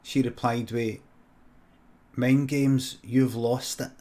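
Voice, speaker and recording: A Scottish comedian improvising a comic story with deadpan, sweary narration and quick muttered asides. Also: male voice, medium pitch. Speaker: comedian streamer.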